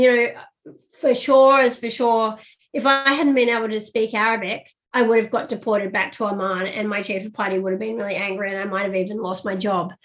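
A middle-aged woman, an interview guest, telling a lively personal story with fillers. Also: on the high side. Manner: animated anecdotal storytelling with fillers. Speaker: guest, business strategist.

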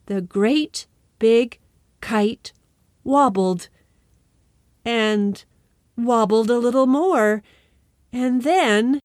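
A woman telling a children's story, expressive and lingering on repeated phrases as she narrates. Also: a little high, no echo, clean studio sound. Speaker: storyteller and podcast host.

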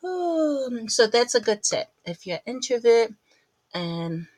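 A woman's voice: a little high, very animated, slow, darkish tone, no echo, poor audio. A woman hosts her own podcast with a chatty, rambling delivery, often laughing at herself. She sounds a little out of breath between phrases. Her voice is recorded close and dry, with no room sound. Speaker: podcast host. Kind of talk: casual chat.

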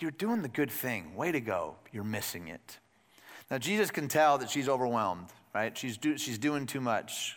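A man preaching a sermon as a pastor, conversational and lively, addressing the congregation with questions. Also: mid-range voice, big-room sound.

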